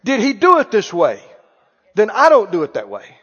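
A man's voice: high voice, huge pitch swings, moderate pace, a bit bright, husky, long reverb tail, highs cut off. A man preaching a sermon in a church, emphatic and calling out questions for the congregation to answer.

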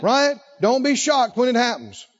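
A man preaching a sermon with animated, rhythmic repetition and emphatic phrasing. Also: very high voice, normal speed, highs cut off.

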